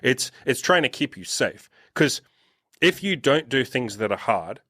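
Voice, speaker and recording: A man's voice: mid-range voice, measured pace, dry recording. A young man with a mid-range voice, holding forth in a casual podcast chat. He talks bluntly, swears freely and acts out quoted voices with animation. The sound is dry and close. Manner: blunt, profane, animated storytelling. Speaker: dating coach and podcast host.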